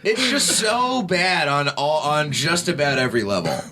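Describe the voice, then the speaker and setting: A man's voice: a little high, very animated, normal speed, bright, forceful tone. A man who is a guest on a casual podcast chat, complaining with wry sarcasm.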